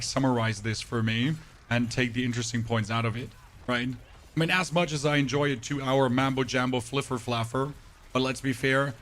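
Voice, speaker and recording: Talking with his live chat in a relaxed way, this male gamer sounds temporarily lower and rougher than he usually does. He jokes around, reads messages out loud, and adds sarcastic comments, all in a fairly bright tone.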